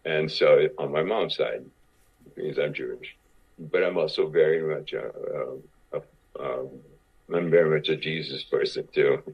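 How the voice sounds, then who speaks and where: Older guy, deep husky voice, keeps stumbling and repeating himself while telling a story, muffled podcast sound. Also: normal speed. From Cuba. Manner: rambling, many restarts and repeated words. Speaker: actor guest. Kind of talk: conversational storytelling. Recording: dull lo-fi podcast audio.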